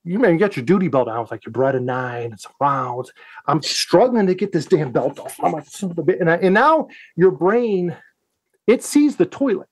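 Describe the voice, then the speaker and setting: A man's voice: a little high, moderate pace, dry recording. A man, a Navy veteran from the United States, telling a story in a casual podcast chat, swearing freely and acting out what he said back then. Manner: profane, animated, acts out his own quotes.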